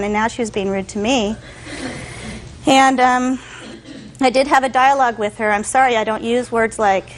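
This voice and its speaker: A woman's voice: on the high side, rough recording. A woman testifying in court, telling her story animatedly and acting out what others said. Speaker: defendant.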